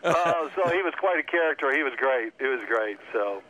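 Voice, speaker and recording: A man, a former quarterback, telling animated locker-room stories as a radio interview guest. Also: fairly high pitch, moderate pace. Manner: animated storyteller acting out coaches' shouting. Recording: tinny phone line.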